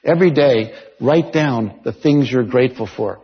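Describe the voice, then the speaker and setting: A man giving a motivational seminar talk to an audience, coaching listeners directly and telling stories with lively energy. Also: medium pitch, normal speed, breathy edge. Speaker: motivational speaker. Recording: dull lo-fi sound with long hall reverb.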